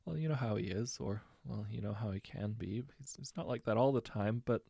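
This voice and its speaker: A man voicing a distraught teenage girl on the phone, halting and tearful, hesitant. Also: lowish voice, vocal fry, warm tone, breathy edge, dry recording, studio quality. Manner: halting, tearful, later teasing. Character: distraught teenage girl calling her villain friend.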